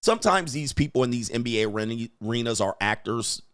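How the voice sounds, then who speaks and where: A man hosting a show, giving loud, crude, mocking commentary on video clips and laughing often. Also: mid-range voice, animated, fast talker, smooth, dry recording, clean studio sound. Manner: brash and mocking, laughs often, mimics voices. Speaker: host.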